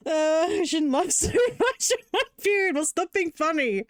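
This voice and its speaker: A woman's voice: extremely high pitch, expressive, a little slow, dry recording, studio quality. A young woman streaming while she builds Lego, chatting casually and breaking into long fits of giggles.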